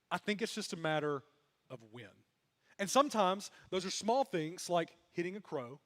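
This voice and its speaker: High-voiced pastor with humorous storytelling. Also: male voice. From Mississippi. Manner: storytelling with self-deprecating humor. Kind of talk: sermon. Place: church sanctuary. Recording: long hall reverb.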